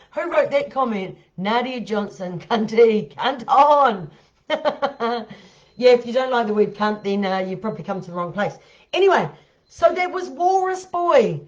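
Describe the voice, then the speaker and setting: A woman's voice: a little high, highs cut off. A woman telling a crude story on a live stream, bluntly and with lots of swearing, often laughing at herself. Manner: blunt and heavily profane.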